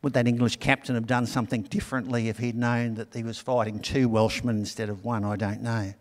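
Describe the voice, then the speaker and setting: A middle-aged man gives a sermon in a relaxed, storytelling manner with small asides. His voice is mid-pitched. A long reverb fills the church. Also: a little fast. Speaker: pastor.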